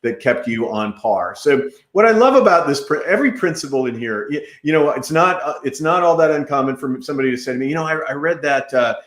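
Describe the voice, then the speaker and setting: A male podcast host interviews with enthusiasm, chatting and often restarting his sentences. His slightly high voice has lively intonation and a quick pace with few pauses, and the room sounds echoey.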